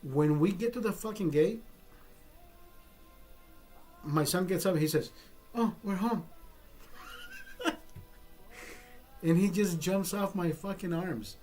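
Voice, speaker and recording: A man's voice: sits high, takes it slowly, pauses often, darkish tone, soft background music. Rambling, cursing man telling a story. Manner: profane, rambling, self-interrupting. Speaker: vlogger. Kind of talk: casual storytelling.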